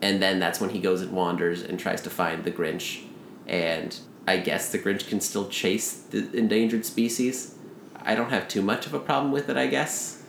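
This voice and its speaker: Low-voiced guy rambling thru a story idea, does little character voices, roomy echo. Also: fairly even intonation, vocal fry, a little hiss or hum. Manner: rambling, acts out characters' lines in quick asides. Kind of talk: casual chat, pitching a story idea.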